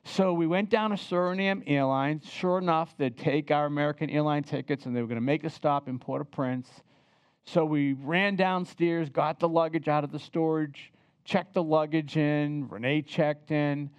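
An older man telling a personal travel story in a lively, chatty way, often turning to the listeners to share a memory. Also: on the high side, clean tone, no echo. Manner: animated, chatty, asks the listeners to remember with him.

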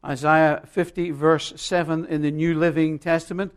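Emphatic preacher man, fairly high voice. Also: little pitch movement, normal speed, clear, resonant tone. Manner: emphatic preaching, swinging between loud and quiet. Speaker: pastor. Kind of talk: sermon.

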